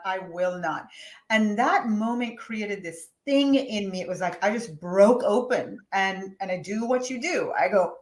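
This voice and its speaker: A woman's voice: medium pitch, lively intonation, a little slow. A woman guest, a business coach, telling her personal story in an interview in a candid, emphatic way, with dramatic swings. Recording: echoey room.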